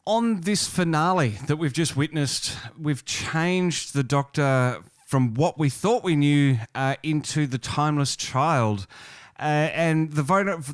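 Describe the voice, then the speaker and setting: A man co-hosting a podcast, speaking in a halting way, repeating words and posing questions. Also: on the high side, clean tone, no echo. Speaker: podcast co-host. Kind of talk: casual podcast discussion. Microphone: studio microphone.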